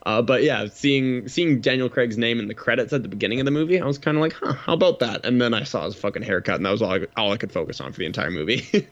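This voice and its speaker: A wry male podcast co-host with a mid-range pitch, joking and swearing casually as he talks about a film. His voice comes through a slightly dull, lo-fi microphone. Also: quick pace. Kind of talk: casual chat.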